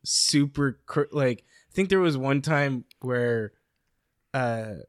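Relaxed man chatting, dry close sound. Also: medium pitch, slow pace, no room sound. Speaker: friend in a casual chat. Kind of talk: casual chat.

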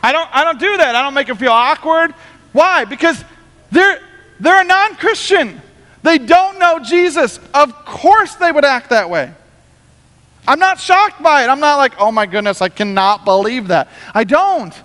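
A man preaching a sermon as pastor, talking in an animated, conversational way. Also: very high-pitched, unhurried, big-room sound.

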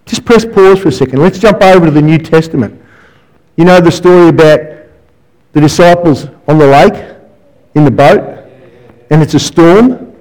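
A man preaching a sermon as a guest counsellor, with a fairly high voice. He tells stories animatedly, tossing in asides and quick rhetorical questions to the crowd. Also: a little mellow, poor audio.

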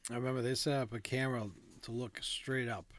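A man's voice: mid-range voice, moderate pace, fairly bright tone, a little hiss or hum. A man co-hosting a casual chat, reading out ghost stories from notes in a laid-back way, with fillers and asides. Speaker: podcast co-host.

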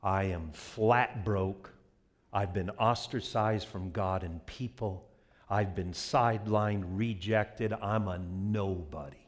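A man preacher voicing a humbled woman telling her story of rejection, quiet and confessional. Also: on the low side, slow pace, voice pushed down. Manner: soft, confessional. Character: humbled, broke woman healed of illness.

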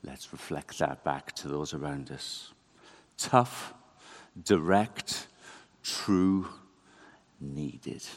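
Slow-speaking, low-voiced man preaching. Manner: conversational, animated, self-deprecating. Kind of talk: sermon. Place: church.

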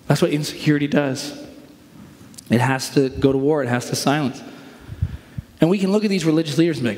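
A man's voice: fairly high pitch, lively intonation, moderate pace, pauses often, a little mellow. Preaching man in a reverberant hall. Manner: conversational preaching with acted-out quotes. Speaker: pastor. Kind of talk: sermon.

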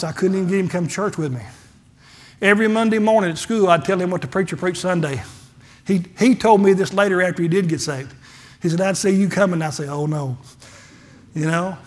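A higher-pitched middle-aged man with a drawl preaches a testimony sermon from the pulpit. He tells folksy stories in a plain, conversational way and acts out both sides of the conversations. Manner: folksy storytelling, acts out dialogue, gets emotional. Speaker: pastor.

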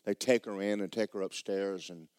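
Folksy preacher, low voice. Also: male voice, moderate pace, no echo, clean studio sound. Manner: animated, folksy, repeats words. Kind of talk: storytelling sermon.

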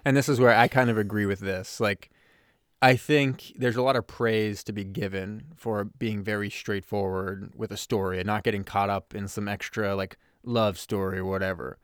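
Man, podcast co-host, low voice, rambling casual talk, dry close mic. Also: steady tone, normal speed, clean tone, no echo. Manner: rambling, restarts sentences. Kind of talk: casual movie review chat.

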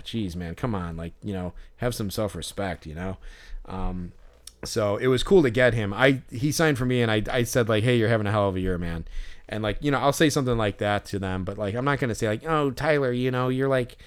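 A man's voice: lowish voice, smooth. A man co-hosting a casual podcast, telling long, rambling stories full of fillers and restarts, with a sarcastic, exasperated edge. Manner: exasperated, sarcastic about fans. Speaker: podcast co-host.

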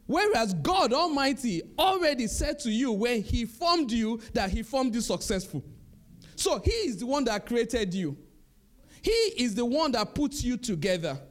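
A middle-aged male pastor preaching an animated sermon, repeating his points with chuckles. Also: extremely high pitch.

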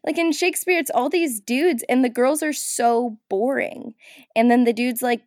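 A woman's voice: a little high, dry recording, studio quality. An American woman hosting a podcast, playful and joking in casual chat over a remote call. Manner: playful, quick to laugh and joke. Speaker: podcast host. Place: outdoors in a field in Tennessee.

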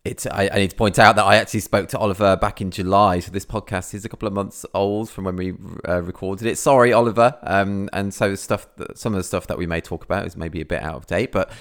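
A low-voiced man hosts a casual podcast, chatting loosely with plenty of ums and restarts. He's a wedding photographer from England who ad-libs his intros and talks over to his guest in an easygoing way. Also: fairly even intonation, fast, hardly any pauses, a bit bright. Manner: rambling, filler-heavy ad-libbing. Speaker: podcast host.

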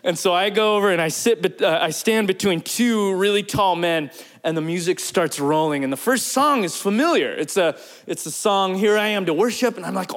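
A man preaching, telling a personal story in a lively, animated way and acting out the quotes. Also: high-pitched, normal speed. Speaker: pastor. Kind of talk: storytelling sermon.

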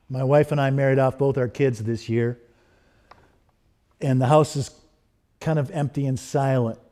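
A middle-aged man preaching a sermon, building through repeated rhetorical questions and softening into personal stories. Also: medium pitch. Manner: rhetorical questions, rising emphasis. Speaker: pastor.

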